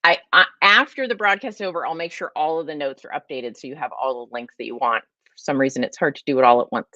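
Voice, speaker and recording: A woman's voice: low-pitched, fast talker, pushed and bright, no echo. A woman from California with a Californian accent and a slightly nasal voice, rambling casually as she hosts a livestream and answers viewer questions, saying "like" a lot. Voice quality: a little nasal. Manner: rambling, chatty, says "like" a lot. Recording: dull, lo-fi, dry sound.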